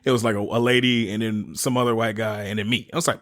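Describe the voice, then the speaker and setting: A man's voice: lowish voice, quick pace, few pauses, fairly bright tone. A man in his thirties hosting a podcast, telling stories casually, swearing freely and laughing between phrases. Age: 30s. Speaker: podcast host. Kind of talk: casual storytelling chat.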